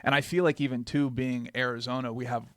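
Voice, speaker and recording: A man, co-hosting a podcast in casual chat, animated and laughing, often stumbling and restarting his sentences. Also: medium pitch, fast talker, dry recording, clean studio sound. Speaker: podcast co-host.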